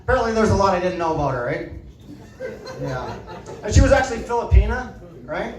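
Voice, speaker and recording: A man performing a stand-up comedy set in a club, telling deadpan stories and tagging lines with "right?". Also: high-pitched, brisk, distant mic, crowd noise. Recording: echoey club audio from afar.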